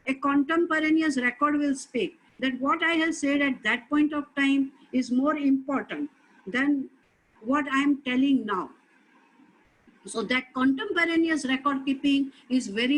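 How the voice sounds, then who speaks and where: A middle-aged woman delivers a lecture in a high, light voice. She speaks earnestly and with emphasis, coming back to her key points to stress them. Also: a bit bright, low-quality recording.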